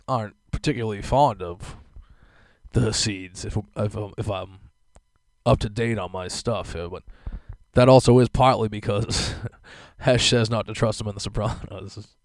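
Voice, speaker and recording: A man's voice: on the low side, no room sound. A young man hosting a casual solo podcast, rambling and swearing often, breaking into laughter as he talks. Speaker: podcast host.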